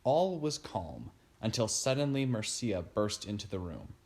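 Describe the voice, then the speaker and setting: A man narrating a storybook chapter in a steady reading voice. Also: fairly low pitch, a little slow. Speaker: audiobook narrator.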